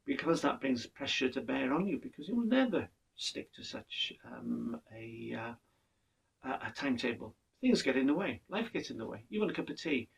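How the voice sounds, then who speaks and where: An older man, talking in an earnest, measured monologue and often restarting his words. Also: mid-range voice, gravelly, far from the mic, a little hiss or hum, poor audio. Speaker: podcast speaker. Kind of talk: reflective monologue.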